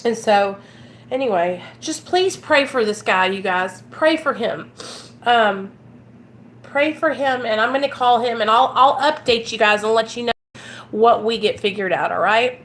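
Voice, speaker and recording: An Arkansas woman with a Southern accent, who vlogs about recovery, talks unhurriedly to her viewers from inside a car about getting free of addiction. Her voice is a little high and fairly bright, with a little hiss or hum present. The chat is casual and heartfelt, and she is earnest and emotional, sometimes near tears.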